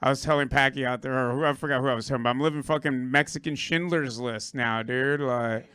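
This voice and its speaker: A hoarse Puerto Rican-born man doing a rambling, profane stand-up set on a club stage, riffing with the crowd. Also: mid-range voice, steady tone, fast talker, pushed and bright, no echo. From Puerto Rico. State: hoarse, lost his voice. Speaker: stand-up comedian.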